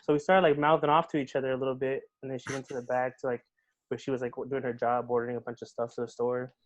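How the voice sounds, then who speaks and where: A young man telling a story in casual chat on a podcast, animated and swearing a lot. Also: medium pitch, quick pace, lo-fi sound. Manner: animated, swears often, says "bro" and "dude". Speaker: podcast guest.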